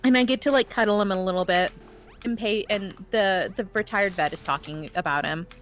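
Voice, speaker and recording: A woman's voice: mid-range voice, a little fast. A woman who works the front desk at a vet clinic, telling a rambling casual story and raising her voice to quote people. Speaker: guest on stream; veterinary clinic receptionist.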